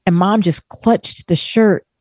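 A woman co-hosting a talk show, telling a heartfelt personal story and quoting others in soft voices. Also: medium pitch, fairly even intonation, takes it slowly, no echo. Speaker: co-host. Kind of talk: emotional personal story, casual chat.

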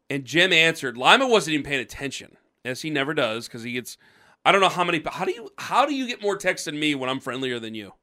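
Bright-voiced man with a cough. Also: mid-range voice. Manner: rambling, restarts, acts out quoted voices. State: lingering cough. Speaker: podcast co-host. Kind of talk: casual storytelling chat. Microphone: podcast microphone.

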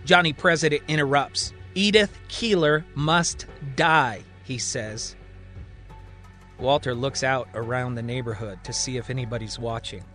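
A man narrating a fiction story and voicing its characters in an animated way. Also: normal speed, faint music behind. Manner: animated, voices characters with raised pitch. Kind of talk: storytelling narration with voiced dialogue.

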